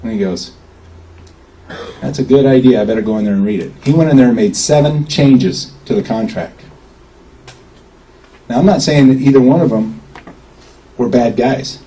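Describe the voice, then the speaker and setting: A man's voice: mid-range voice, dark tone, rough recording. A man giving an informal talk to a small crowd, rambling in a folksy way and often checking in with "okay?". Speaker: speaker at a public gathering.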